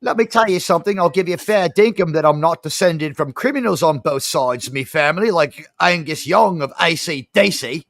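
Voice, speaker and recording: A man's voice: fairly high pitch, expressive, normal speed, gravelly, a bit bright, no room sound, full character voice. A man doing an exaggerated put-on Kiwi-Australian accent, ranting indignantly as a comic figure. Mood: mock indignant.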